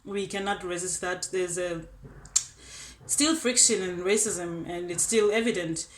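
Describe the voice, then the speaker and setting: A woman's voice: lowish voice, unhurried, a little hiss or hum. A young woman from South Africa with a South African accent, giving a chatty, upbeat student testimonial. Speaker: exchange student. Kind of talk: casual testimonial. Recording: roomy echo.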